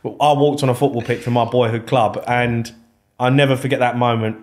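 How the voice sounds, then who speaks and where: A man's voice: mid-range voice, fairly even intonation, fairly quick. A man guesting on a podcast as a former footballer, telling his story candidly and swearing freely. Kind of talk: casual storytelling interview.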